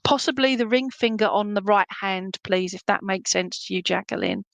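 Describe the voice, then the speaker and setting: A woman's voice: mid-range voice, moderate pace, vocal fry, a bit bright, no echo. A woman giving a clairvoyant reading at an online church service, chatty and reassuring, with many fillers and restarts. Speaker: medium at a spiritualist church.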